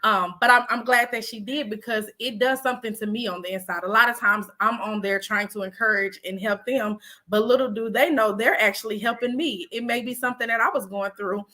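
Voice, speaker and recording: A woman mentor speaks earnestly and from the heart in a casual chat. Her voice is bright and forward. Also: on the high side, steady tone, a little fast, few pauses. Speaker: program assistant and mentor.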